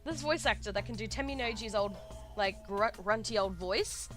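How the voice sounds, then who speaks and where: A woman with an Australian accent, chatting and reacting excitedly while playing a game, swearing freely. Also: medium pitch, moderate pace. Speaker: gaming streamer. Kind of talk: casual let's-play commentary. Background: game music.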